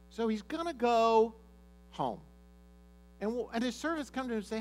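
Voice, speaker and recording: A man's voice: extremely high pitch, moderate pace, long pauses. A man preaching a sermon, retelling a story and acting out the characters' lines. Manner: animated, acts out characters' lines. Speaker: pastor.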